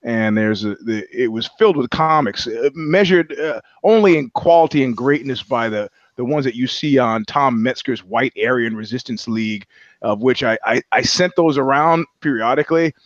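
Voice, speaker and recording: A man's voice: medium pitch, normal speed, no room sound, highs cut off. A man co-hosting a podcast in casual chat, rambling and sardonic, with plenty of profanity. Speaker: podcast co-host.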